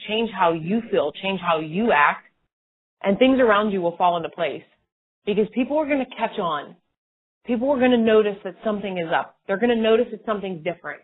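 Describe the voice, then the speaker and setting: A woman leading a motivational sales training call, talking in an energetic, rambling, casual way. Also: mid-range voice, breathy edge. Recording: tinny phone line.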